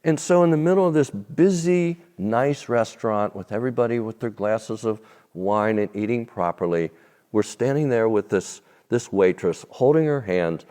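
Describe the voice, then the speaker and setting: A man telling a faith testimony as an interview guest, animated and then dropping soft and low at tender moments. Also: moderate pace. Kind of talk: storytelling testimony. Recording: long reverb.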